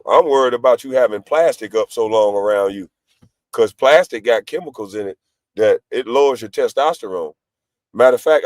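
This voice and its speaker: A man's voice: mid-range voice, a little mellow, no echo. Brash trash-talking man on a livestream. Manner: boastful, profane, trash-talking. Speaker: livestream host.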